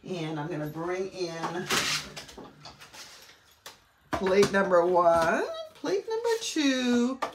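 A woman's voice: on the low side, animated, very slow, pauses often, noisy background. A middle-aged woman with a Maine accent, demonstrating a craft technique in a chatty way with rambling asides. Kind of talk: craft tutorial. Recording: roomy echo.

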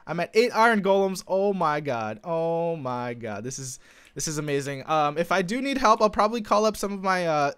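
Excitable young man narrating gameplay. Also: smooth. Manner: excitable, voice jumps high when he spots loot. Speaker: gaming YouTuber. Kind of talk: live gameplay commentary.

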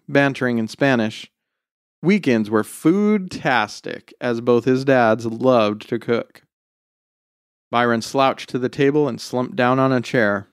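Man in measured, expressive story narration. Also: mid-range voice, no echo, studio quality. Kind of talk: scripted narration.

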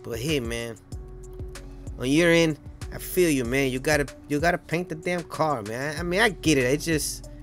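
A man's voice: on the high side, normal speed, fairly bright tone, soft background music, pitched above the performer's own voice, close to an everyday voice. A man voicing an irate male viewer who heckles a painter with swearing and mock outrage. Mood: grumbling.

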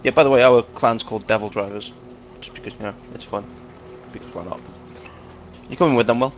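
A man's voice: mid-range voice, brisk, a little hiss or hum. A young man with a Manchester accent giving casual, joking gameplay commentary with friends, full of fillers. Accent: Manchester English. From England, Manchester. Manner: chatty, crude joking, lots of fillers. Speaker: gaming video host.

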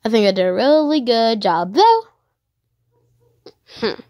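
Slow-talking excitable woman gamer. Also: a little high, no room sound. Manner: excitable, easily frightened play-by-play. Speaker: gaming channel host. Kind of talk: casual game commentary. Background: dogs barking sometimes.

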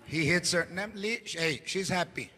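A man in his forties doing a stand-up comedy routine on a theater stage, loudly shouting punchlines and acting out characters. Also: sits high, unhurried. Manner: loud, shouting punchlines, acts out drunk characters. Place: large theater stage before a live audience. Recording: live theater recording with crowd noise.

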